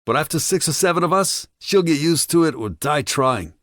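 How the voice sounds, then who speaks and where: A man's voice: a little high, expressive, moderate pace, a bit bright, no room sound, clean studio sound, pitched above the performer's own voice. A man voicing a crude, spiteful male thug with a Boston accent, slurring and sneering his words. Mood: vicious. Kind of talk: audiobook character voice.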